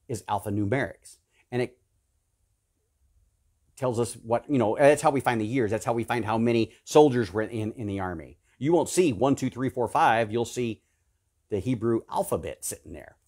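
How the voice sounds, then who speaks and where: Man, preacher, sermon, fervent, emphatic lists, loud peaks and hushed lows, mid-pitched voice.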